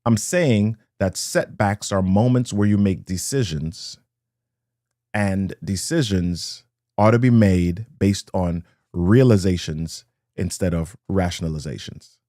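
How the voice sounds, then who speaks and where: A man with a lowish voice delivers a motivational talk in measured, rhythmic phrases. He repeats his key lines for emphasis and now and then greets viewers by name. The sound is close and dry, with no room echo. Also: warm tone. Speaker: motivational speaker. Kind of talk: live-streamed motivational talk.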